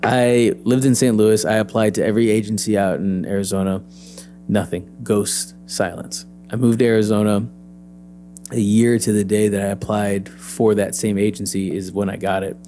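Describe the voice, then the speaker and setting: A young adult man, an actor and PE teacher, telling his story as an interview guest, lively and acting out the voices he quotes. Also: fairly low pitch, normal speed, slight background noise.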